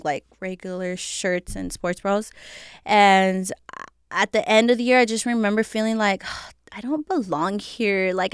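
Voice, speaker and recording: A woman tells her story of faith as a podcast guest, candid and emotional and full of "like" fillers. Her voice is very smooth and resonant, at a mid pitch. The recording is dry and close, with no room sound. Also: no echo. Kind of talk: casual personal testimony.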